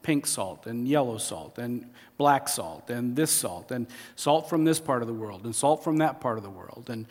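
A man's voice: mid-range voice, animated, moderate pace, hardly any pauses, a little mellow. A middle-aged man preaching a sermon as pastor, conversational, often restarting his phrases. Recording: long reverb of a large hall.

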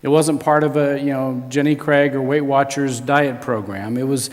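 A man's voice: mid-range voice, fairly even intonation, normal speed, in a large hall. A man preaching a sermon as a pastor, in a conversational way that often restarts and repeats words.

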